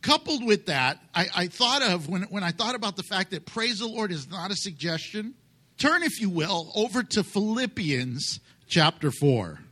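A man's voice: high voice, big pitch swings, moderate pace, pushed and bright. A pastor preaching a conversational, emphatic sermon to his congregation, joking with them along the way.

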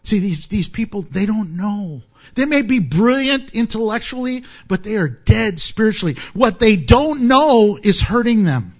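A man preaching a sermon, animated and joking, often laughing at his own asides. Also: sits high, unhurried. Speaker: pastor.

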